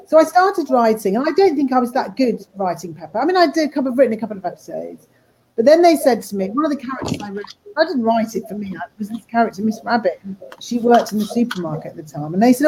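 Chatty woman, mellow voice. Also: fairly high pitch, animated, fast talker, a little hiss or hum, poor audio. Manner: chatty, rambling with restarts. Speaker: animator and voice actor. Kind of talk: casual interview talk.

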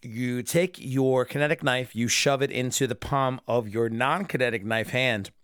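A man's voice: medium pitch, moderate pace, fairly bright tone, clear, resonant tone, no room sound, studio quality. A drunk man ranting alone about an episode he disliked, angry and full of swearing. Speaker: anime reviewer. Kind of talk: solo episode review rant.

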